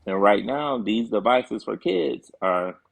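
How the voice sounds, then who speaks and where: Gravelly low-voiced man, earnest. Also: animated, takes it slowly, no echo. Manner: earnest, emphatic, with fillers. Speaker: guest. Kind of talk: casual chat.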